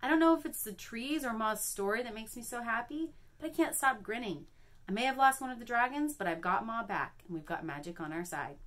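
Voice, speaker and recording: A woman reading a children's chapter book aloud in an expressive, storytelling way. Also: on the high side, brisk. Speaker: reader at a school.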